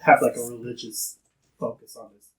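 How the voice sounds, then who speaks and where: Man, tabletop player, inquisitive, mid pitch, distant from the mic. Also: flat delivery, moderate pace, fairly bright tone. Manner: curious, asks lots of questions. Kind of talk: casual game chat. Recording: voice a bit far from the mic.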